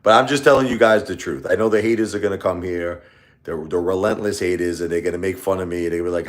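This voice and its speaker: A man's voice: low voice, fast. A man hosting a casual live stream, talking in a rambling, repetitive way and lashing out at his critics.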